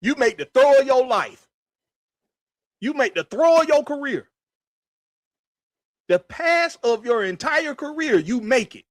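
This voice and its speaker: A man's voice: very high-pitched, very animated, a little slow, pauses often, no echo, studio quality. A man hosting a sports podcast, ranting in a profane, emphatic, repetitive way. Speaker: podcast host. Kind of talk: heated sports rant.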